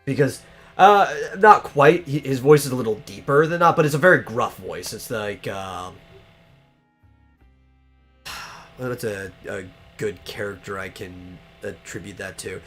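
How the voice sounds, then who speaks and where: A man's voice: on the low side, a little slow, fairly bright tone, breathy edge, soft background music. A man co-hosting a casual podcast chat, rambling with many fillers and restarts and swearing casually. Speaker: podcast co-host. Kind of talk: casual chat about movies.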